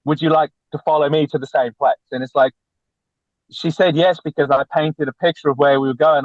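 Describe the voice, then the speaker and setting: A man speaking as a relationship coach guest on a podcast, lecturing bluntly and forcefully, with lots of repetition. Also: a little high, fairly even intonation, brisk, no room sound. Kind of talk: podcast interview. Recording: tinny phone-like dry line.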